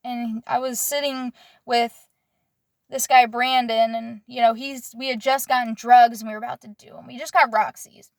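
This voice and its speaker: A young woman with a slightly high voice shares a personal story in a confessional manner. Earnest and halting, she often pauses to search for words, with a flat delivery. The sound is close and dry, with no room sound.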